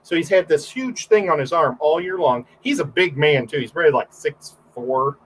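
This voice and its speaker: A man's voice: a little high, normal speed, a bit bright, slightly rough, low-quality recording. A man, a photographer, guesting on a livestream and telling rambling stories in casual chat, full of fillers and restarts.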